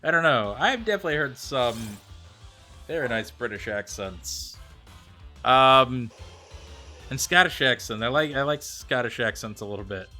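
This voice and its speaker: An American man live-streams a game, chatting casually and answering viewer messages, with soft music in the background. His mid-range voice is animated and sharp-toned at a normal speed. He's chatty, thinks out loud, and reads chat messages aloud before responding.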